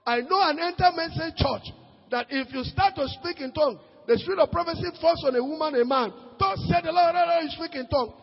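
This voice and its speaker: A Nigerian man preaching a sermon as pastor, swinging between shouted peaks and low asides, slipping into Pidgin. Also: a little fast, long reverb tail, muffled recording. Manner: preaches with sudden shouted rises and quiet drops, mixes in Pidgin.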